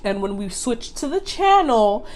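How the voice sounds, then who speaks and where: A young woman co-hosting a casual TV episode recap, excitable and upbeat, often talking over her friend. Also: fairly high pitch, unhurried. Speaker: co-host of a show review channel.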